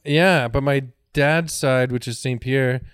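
A man's voice: medium pitch, slow pace, clear, resonant tone, no room sound, clean studio sound. A man cracking crude jokes in casual banter, laughing often. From Canada.

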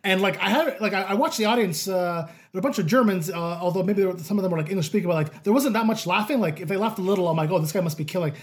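A man from Canada, hosting a podcast and telling stories in a rambling, animated way with plenty of fillers. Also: high voice, very fast, hardly any pauses. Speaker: podcast host. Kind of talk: casual chat.

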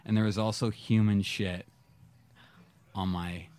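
A man on a podcast telling a personal story in casual chat, acting out his own past reactions with sudden jumps in pitch. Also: fairly even intonation, measured pace, a little mellow, clear, resonant tone. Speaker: podcast guest.

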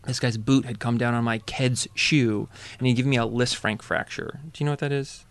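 A man chatting casually and telling a story with animated delivery, acting out the voices of the people in it. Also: medium pitch, fairly quick, smooth. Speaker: storyteller guest. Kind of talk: casual chat.

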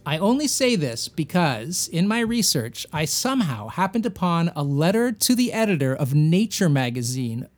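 Rambling man, slightly high voice. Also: normal speed, hardly any pauses. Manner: rambling, absurd deadpan jokes. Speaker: comedian podcast co-host. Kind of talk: casual comedic chat.

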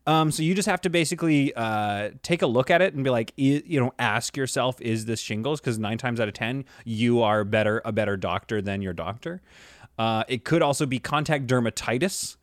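A man's voice: medium pitch, fairly quick, no room sound, clean studio sound. A male podcast co-host giving mock-expert comedic advice in casual chat, often repeating words as he talks.

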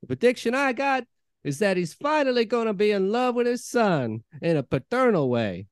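Guy doing a loud pushy fortune-teller bit, high voice, swings up and down a lot, improv comedy. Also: sing-song, normal speed, smooth, dry recording, studio quality. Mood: brash. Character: brash chummy male fortune-teller, needy and pushy.

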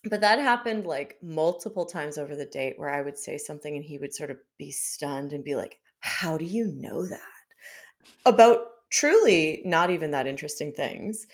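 A woman in casual chat, telling an animated story about a bad date and mimicking the man's lines. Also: low voice, normal speed, few pauses.

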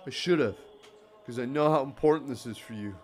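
A man voicing an excitable young male groomsman who gushes over his friend and keeps saying "man". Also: medium pitch, a little fast, slight background noise, lightly acted. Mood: emotional, fond. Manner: gushing, repeats "man" constantly.

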